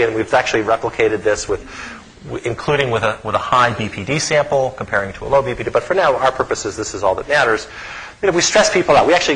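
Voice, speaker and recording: A middle-aged man, a psychology professor, giving an animated lecture with chuckling asides and frequent "okay?" check-ins. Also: mid-range voice, rough recording.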